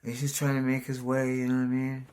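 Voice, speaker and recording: A middle-aged man telling a rambling, profane story, saying "dude" constantly and jumping up loud when excited. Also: medium pitch, quick pace, clean tone. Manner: animated, voice jumps up in excitement. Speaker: vlogger. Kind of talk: casual storytelling monologue.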